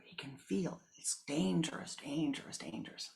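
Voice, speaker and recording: A woman spiritual teacher telling a story in a meditation talk, slow, with whispered asides and repeated phrases. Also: sits low, gravelly, fairly bright tone.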